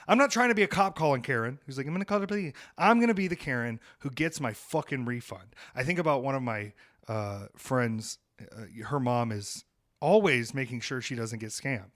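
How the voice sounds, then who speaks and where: A young adult man hosting a podcast, ranting in a heated, profane and emphatic way. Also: mid-range voice. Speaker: podcast host.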